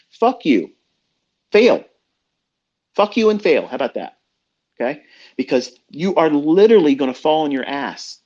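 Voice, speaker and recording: A man's voice: mid-range voice, a little mellow. A middle-aged man mentoring traders in a blunt, profane, heated rant, heard over dull lo-fi online audio. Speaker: trading mentor. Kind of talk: ranting motivational talk.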